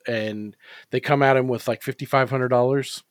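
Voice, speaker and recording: In casual podcast chat, this co-host rambles, curses freely, and leans heavily on fillers. His mid-range voice keeps a fairly even intonation at a normal pace, captured cleanly in studio quality with no echo.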